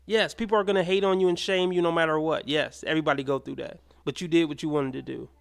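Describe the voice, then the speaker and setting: A man's voice: on the high side, fairly even intonation, quick pace, creaky, clear, resonant tone. A man giving blunt, mocking commentary as he reacts to clips. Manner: blunt, mocking, swears freely.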